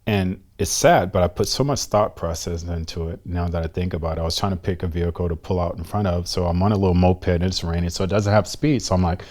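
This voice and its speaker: A man in his fifties, a guest telling a personal story in an interview in a soft-spoken, reflective and earnest way. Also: sits low, fairly even intonation, fast talker, few pauses. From United States. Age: 50s.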